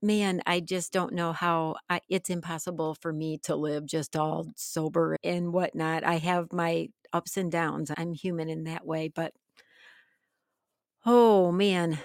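A woman's voice: low-pitched, level tone, measured pace, hardly any pauses, no room sound, clean studio sound. A woman co-hosting a faith podcast, chatting casually with laughing, exclamatory enthusiasm. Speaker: podcast co-host. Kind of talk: casual chat.

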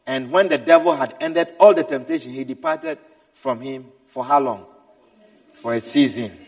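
A man preaching a sermon, swinging from quiet asides to shouted exhortations. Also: medium pitch, lively intonation, normal speed, creaky. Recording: echoey hall, mic at a distance.

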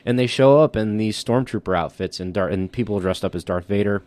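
A man's voice: on the low side, brisk, a little mellow. A man co-hosting a podcast in casual chat, easygoing, full of "like" and "you know". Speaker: podcast co-host.

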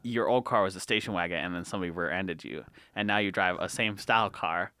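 A man co-hosting a casual chat, quick with jokes and wisecracks. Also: low-pitched, pushed and bright, smooth, no echo. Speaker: podcast co-host.

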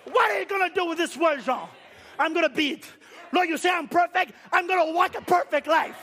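Guy preaching loud and high-pitched, hammering the same question again and again. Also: a little fast, some chatter behind. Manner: shouting, repetitive rhetorical questions, swings to low quiet passages. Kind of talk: fiery sermon.

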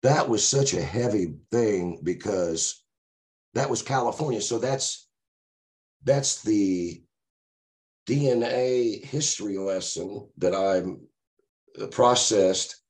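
A man's voice: lowish voice, slow pace, long pauses, darkish tone. A man in his sixties, a podcast guest, telling a long story casually and ramblingly with many asides.

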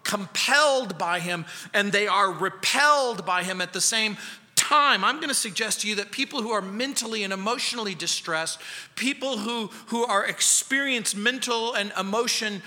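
A male pastor preaching an expository sermon, telling a story earnestly and dropping suddenly quiet for emphasis, in a church sanctuary. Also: high-pitched, normal speed. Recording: long reverb of a church hall.

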